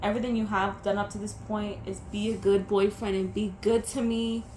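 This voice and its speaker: A woman's voice: mid-range voice, flat delivery, brisk, a little mellow. A young woman vlogging about her breakup, emotional and teary, stumbling and restarting as she talks. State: teary, sniffling. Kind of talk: personal vlog about a breakup. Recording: echoey room with faint background noise.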